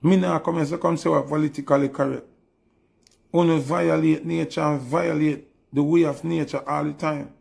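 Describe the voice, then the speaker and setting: Jamaican Patois man, gravelly and raspy, fervent preachy monologue. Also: a little high. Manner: preachy, fervent, repetitive questions. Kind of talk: impassioned spoken monologue.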